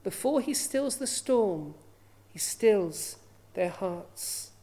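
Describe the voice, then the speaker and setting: A woman's voice: mid-range voice, animated, extremely slow, dark tone. A woman preaching a sermon in an earnest way, often asking her listeners rhetorical questions.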